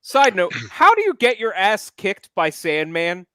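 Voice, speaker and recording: A man's voice: high voice, wildly swooping pitch, unhurried, a bit bright, no echo. A man co-hosting a casual wrestling podcast, dry-humored and moving the talk along. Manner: dry, segues between topics. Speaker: podcast co-host. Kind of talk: casual chat.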